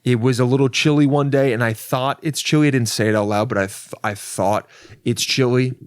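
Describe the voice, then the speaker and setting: Rambling, self-mocking young podcast host. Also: male voice, medium pitch, fairly even intonation, brisk, clear, resonant tone, no echo. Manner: rambling, profane, self-mocking, with many restarts. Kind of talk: casual storytelling monologue.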